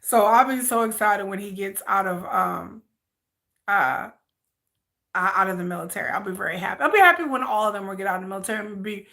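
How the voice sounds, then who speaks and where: A woman's voice: mid-range voice, brisk, creaky, pushed and bright. A woman vlogger chatting casually on a livestream, rambling and repeating herself as she answers viewer comments.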